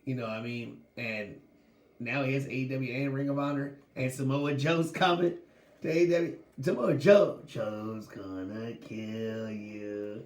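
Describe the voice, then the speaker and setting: Slangy, animated sports podcast host man. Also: medium pitch, normal speed, roomy sound. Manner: animated, slangy, laughs while talking. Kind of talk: casual sports talk.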